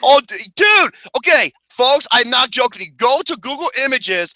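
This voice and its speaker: A man's voice: extremely high pitch, big pitch swings, moderate pace, pushed and bright, dry recording. A man co-hosting a casual chat, joking crudely about his own faces in photos and laughing a lot. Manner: crude, self-mocking, laughing. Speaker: podcast co-host. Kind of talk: casual banter reacting to photos.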